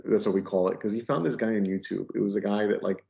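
A man's voice: on the low side, flat delivery, fast, vocal fry, warm tone. A man chatting casually as a podcast guest, rambling with lots of fillers and restarts. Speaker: podcast guest, comic book letterer. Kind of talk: casual chat. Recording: dull lo-fi audio.

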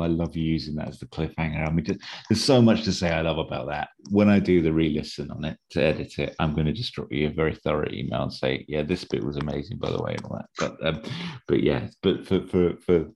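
A man's voice: extremely low pitch, brisk, a little mellow. A man co-hosting a podcast, rambling through an episode idea with many fillers and restarts. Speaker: podcast co-host. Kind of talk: casual chat, pitching an episode idea.

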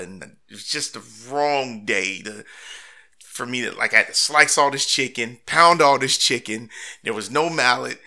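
A man's voice: medium pitch, pushed and bright. A man, a husband and father, tells his side of a family story in a rambling way, full of fillers and restarts. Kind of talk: personal story interview.

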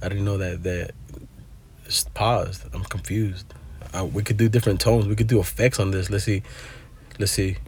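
A man's voice: fairly low pitch, steady tone, moderate pace, pauses often, darkish tone, slight background noise. Laid-back cussing guy on a phone. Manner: profane, laid-back, mixes in Spanish words. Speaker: vlogger. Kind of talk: casual rambling story.

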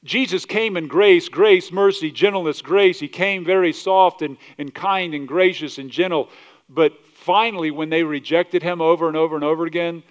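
A fairly high-voiced man preaches a passionate sermon as pastor. He swings from loud, forceful declarations to quiet, low asides, and he acts out quoted voices with a playful edge. He keeps turning to the congregation with direct questions. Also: moderate pace, clean tone. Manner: asks the congregation questions, southern 'y'all'.

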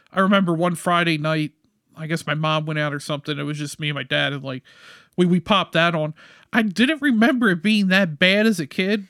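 Clear, high-voiced man co-hosting a podcast. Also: dry recording, studio quality. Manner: relaxed, reads a list of films, chuckles. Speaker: podcast co-host. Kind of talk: casual chat.

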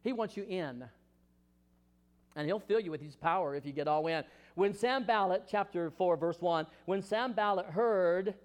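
A man's voice: high voice, normal speed. Impassioned male pastor preaching. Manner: impassioned preaching, swinging from loud questions to hushed asides. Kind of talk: sermon.

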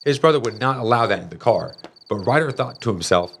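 A man reading a children's storybook aloud in an expressive, animated way. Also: mid-range voice, brisk, a little hiss or hum. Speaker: narrator.

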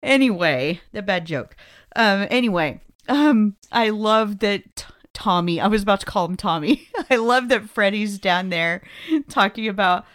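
A woman co-hosting a podcast in casual, quick banter, laughing often between her lines. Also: medium pitch, fairly bright tone. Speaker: podcast co-host. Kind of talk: casual chat.

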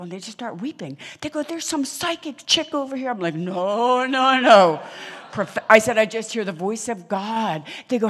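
A middle-aged woman preaching to a church congregation, telling stories dramatically and acting out the voices of people she quotes, dropping to whispers and rising to loud exclamations. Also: lowish voice. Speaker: guest preacher. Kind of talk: animated sermon with storytelling. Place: church hall in front of a congregation.

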